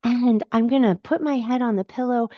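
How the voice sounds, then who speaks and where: A woman's voice: on the high side, steady tone, normal speed, dry recording, muffled recording. A woman coach answering viewers' comments in a live Q&A, encouraging and emphatic, repeating her key phrases.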